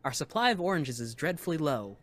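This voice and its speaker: A jolly but fussy ship's doctor, acted out by a player who speaks primly and properly. The delivery is lively and bouncing, with a bright, forceful tone. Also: mid-range voice, brisk.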